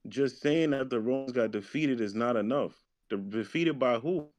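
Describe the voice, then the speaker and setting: A man's voice: medium pitch, normal speed, a little mellow, no echo. Earnest American man debating casually. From United States. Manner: questioning, earnest, conversational. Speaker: host. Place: New York.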